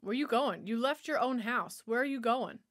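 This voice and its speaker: A woman's voice: a little high, normal speed, slight background noise. A woman giving a chatty, sassy running commentary while watching a film. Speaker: movie watch-along host.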